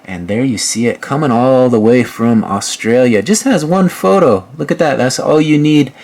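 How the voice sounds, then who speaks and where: A man's voice: mid-range voice, moderate pace. Laid-back man narrating a screen walkthrough. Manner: relaxed, filler-heavy, chatty. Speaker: host. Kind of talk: casual screen-share commentary.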